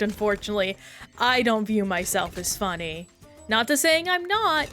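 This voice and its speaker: Woman gaming streamer rambling to chat, mid pitch, some faint music under her. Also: a bit bright. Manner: chatty, self-reflective, reads chat aloud.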